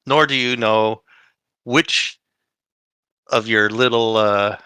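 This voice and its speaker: A man playing a smug, scheming warlord who taunts an enemy horde in a mocking, halting way, in a tabletop game. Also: on the low side, steady tone, bright, forceful tone, clear, resonant tone, no room sound. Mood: smug taunting. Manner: mocking, drawn-out, full of hesitations.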